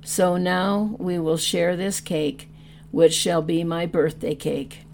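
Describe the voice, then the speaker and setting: A gentle, solemn holy stranger speaks in a slow, blessing-like way, as a woman reads him. The tone is low and warm, and the words unfold with no hurry. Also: steady tone, vocal fry, a little hiss or hum.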